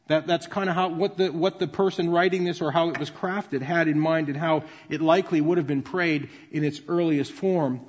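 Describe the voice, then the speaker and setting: High-voiced male pastor, booming hall. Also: steady tone, moderate pace, few pauses. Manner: conversational, explanatory teaching. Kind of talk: sermon. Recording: dull sound with long reverb in a large hall.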